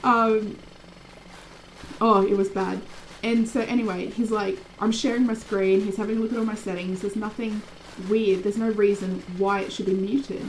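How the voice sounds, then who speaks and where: A young adult woman streaming a game, chatting casually with viewers by name and rambling through animated stories. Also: mid-range voice, moderate pace, a little hiss or hum, rough recording. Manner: animated, rambling storytelling with many fillers. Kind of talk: casual live-stream chat.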